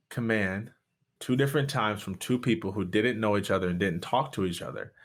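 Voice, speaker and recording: A man's voice: on the low side, brisk. Impassioned man telling his story. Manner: impassioned, voice rising sharply at peaks. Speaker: guest, pastor and speaker. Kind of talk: storytelling interview.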